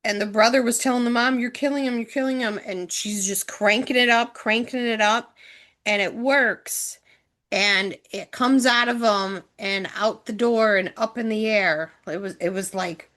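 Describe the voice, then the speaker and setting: Slow-talking bright middle-aged woman. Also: medium pitch, fairly even intonation. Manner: retells scenes in long run-on chains of "and". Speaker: podcast co-host, mother. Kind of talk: casual chat recapping a TV show.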